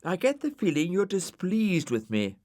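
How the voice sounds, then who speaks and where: A man voicing a nervous, silly male snail with a high, quavery, fussy voice. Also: wildly swooping pitch, normal speed, a little mellow. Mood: nervous chirpy.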